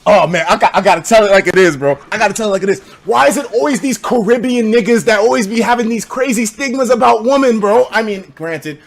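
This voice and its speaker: A young man from the United States telling a story on a live stream in a casual, profane, animated way, laughing as he goes. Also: quick pace, gravelly, hardly any pauses. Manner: animated, profane, laughs between lines, breaks into loud high shouts.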